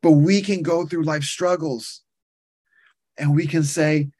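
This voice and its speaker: A man's voice: a little high, normal speed, a little mellow, husky, no room sound, studio quality. A man preaching a sermon and leading a prayer, passionate, with rising and falling emphasis, speaking to his listeners as brothers and sisters.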